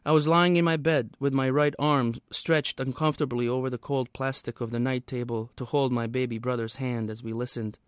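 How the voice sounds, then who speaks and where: A man, the author, reading a passage from his own novel aloud in a steady, measured way. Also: medium pitch, clear, resonant tone, dry recording, studio quality.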